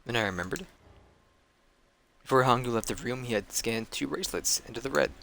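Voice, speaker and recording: A man's voice: mid-range voice, brisk, gravelly, sharp tone, a little hiss or hum. A male streamer reading a story game aloud in earnest, with small slips he corrects as he goes.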